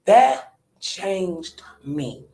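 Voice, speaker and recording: A woman's voice: on the low side, sing-song, extremely slow, gravelly, mellow, reverberant, poor audio. A woman in her thirties, a podcast host, talking candidly in a personal monologue, colloquial, often trailing off and restarting. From United States.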